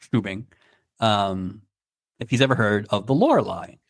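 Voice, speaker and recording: A man co-hosting a podcast, walking through an old episode's plot and laughing as he goes. His pitch swings widely and his delivery is animated. The recording is dry and close, with no room sound. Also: a little slow, dry recording. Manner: laughs often, narrates plot beats. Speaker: podcast co-host. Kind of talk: casual recap chat.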